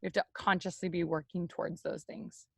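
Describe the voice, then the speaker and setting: A young woman leading a team, giving a loud, energetic, chatty motivational talk straight to her viewers on a live stream. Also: fairly low pitch, a little fast, vocal fry, slightly rough, no echo, clean studio sound. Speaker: network marketing team leader on a live stream.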